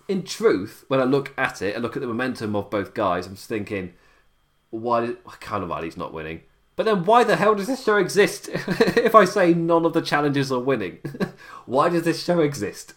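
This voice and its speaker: A young man hosting a podcast, rambling casually and thinking aloud, with frequent short laughs. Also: a little high. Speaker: podcast host.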